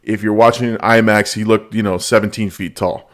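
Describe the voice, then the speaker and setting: Animated man chatting about movies. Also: fairly low pitch, brisk. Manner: animated, storytelling with quoted lines and laughs. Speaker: podcast host. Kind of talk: casual movie review chat.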